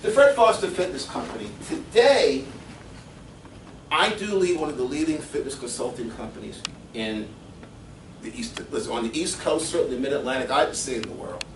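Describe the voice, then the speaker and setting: Animated middle-aged man in an echoey room. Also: fairly high pitch, moderate pace, recorded from a distance, background noise. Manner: animated storyteller, chuckles often. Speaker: fitness coach giving a seminar. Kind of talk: seminar talk with personal stories. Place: seminar room.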